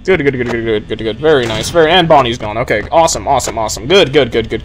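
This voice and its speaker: A young man streaming a horror game, rambling nervously to his chat and yelling when things go right. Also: medium pitch, lively intonation, quick pace, slight background noise, low-quality recording. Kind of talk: live gameplay commentary.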